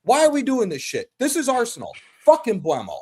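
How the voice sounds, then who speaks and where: A man's voice: extremely high pitch, huge pitch swings, a little fast, darkish tone, slight background noise. A man calling in to a football talk show, ranting angrily and swearing constantly. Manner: angry, swears constantly, blunt. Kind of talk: heated call-in football rant.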